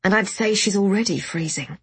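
A woman voicing a calm, steady grown man who reassures others in a storybook. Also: medium pitch, a little fast, husky. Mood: reassuring.

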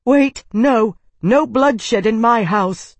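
A woman's voice: sits low, animated, a little slow, a little mellow, husky, no echo, full character voice. A man reading an audiobook and voicing a young woman steadholder who gives commands with urgent force. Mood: desperate. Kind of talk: audiobook character voice.

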